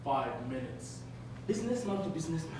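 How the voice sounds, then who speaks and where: A man's voice: a little high, sing-song, fairly quick, background noise. A man on stage playing a male talent manager who coaxes and placates, recorded from far off in an echoey theatre. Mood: coaxing. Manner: placating, chuckling, coaxing. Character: coaxing male talent manager smoothing things over.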